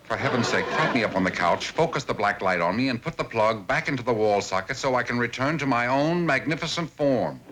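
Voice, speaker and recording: A man's voice: medium pitch, animated, brisk, few pauses, fairly bright tone, poor audio. A man voicing a Martian turned into an infant who keeps his haughty adult mind and speaks in a lofty, formal, condescending way. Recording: faint hiss of old TV soundtrack.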